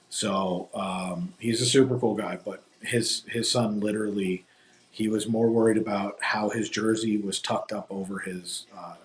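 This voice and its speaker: A man chats casually on a live stream, drifting through long anecdotes full of ums and restarts. His voice sits a little low. He was recorded outdoors on a phone rig. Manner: rambling storyteller, many fillers. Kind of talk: casual chat. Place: outdoors at a theme park. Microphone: phone on a gimbal.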